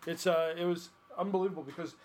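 A man's voice: a little high, fairly even intonation, fast talker, darkish tone. A man co-hosting a podcast in casual chat, rambling and hesitant, with frequent restarts. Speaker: podcast co-host.

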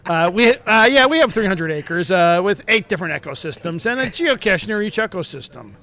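Guy reading a news bit out loud, highish voice, keeps tripping on words and sneaking in jokes. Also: expressive, a little fast. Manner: reads aloud and slips in jokey made-up asides; stumbles over words and restarts. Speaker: show host reading news.

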